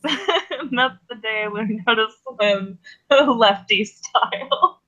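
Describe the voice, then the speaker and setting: A man voicing a shy, awkward young woman who is new to the place, talking haltingly with many pauses and fillers. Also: sits high, fairly even intonation, a bit bright, highs cut off, heavily acted. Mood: sheepish. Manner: hesitant, halting with fillers and laughs. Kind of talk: tabletop role-play in character.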